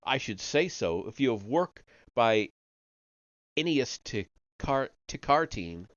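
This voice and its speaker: A man's voice: medium pitch, sing-song, takes it slowly, no echo, dull audio. A man voicing a haughty, aloof male alien art collector who talks in a sniffy, condescending, clipped way.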